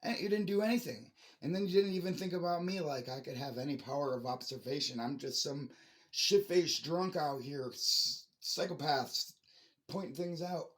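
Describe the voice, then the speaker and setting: A man's voice: a little high, moderate pace, fairly bright tone. A man talks straight to his camera in a long, rambling rant. He sounds frustrated, swears freely and keeps restarting his sentences. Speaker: vlogger.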